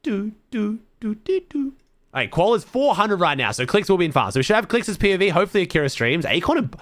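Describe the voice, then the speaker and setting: Watching a tournament live, an Australian man chats casually with his stream viewers, getting excitable and swearing freely. His voice is a little high, and the recording is dry.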